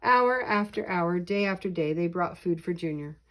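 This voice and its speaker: An older woman, a grandmother, reading a children's picture book aloud slowly and expressively. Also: on the low side. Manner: slow, deliberate, expressive reading. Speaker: storyteller.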